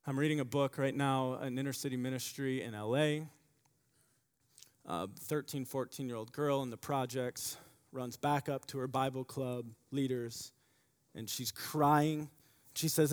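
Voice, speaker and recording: A man preaching a sermon, repeating key phrases and swinging from loud emphasis to quiet asides. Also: mid-range voice, measured pace, clean tone. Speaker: pastor. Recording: long hall reverb.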